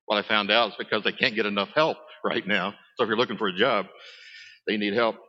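Conversational pastor in a hall. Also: male voice, lowish voice, fairly even intonation, fast, muffled recording. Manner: conversational preaching with asides. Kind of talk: sermon.

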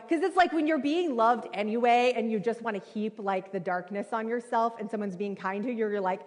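A woman in her thirties preaching a sermon, telling a personal story in a conversational, animated way with many fillers. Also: fairly high pitch, brisk, few pauses. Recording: reverberant hall.

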